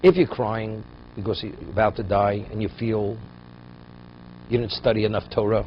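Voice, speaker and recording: A man's voice: fairly low pitch, level tone, normal speed, muffled recording, slight background noise. A man giving a Torah class, telling a story and building to emphatic points. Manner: storytelling, rising to emphatic peaks. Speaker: Torah teacher.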